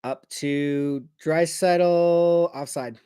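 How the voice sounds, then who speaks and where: A man giving casual fan commentary on a hockey game, ranting and cursing, swinging from shouts to low muttering. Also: fairly even intonation, very slow, clear, resonant tone, dry recording, clean studio sound. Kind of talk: fan watch-along commentary. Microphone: personal mic.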